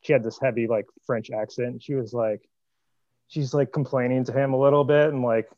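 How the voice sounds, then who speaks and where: Wry low-key man, dry dull sound. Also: steady tone, moderate pace, darkish tone, dry recording. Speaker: band member. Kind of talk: casual podcast chat.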